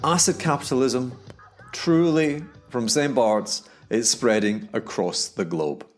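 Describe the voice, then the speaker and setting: Middle-aged Glaswegian podcast host, theatrical delivery with big upward pitch swoops, faint music under the voice. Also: male voice, slow pace. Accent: Scottish, Glaswegian. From Scotland. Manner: theatrical, swooping up high for emphasis. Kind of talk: solo podcast monologue. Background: music playing underneath.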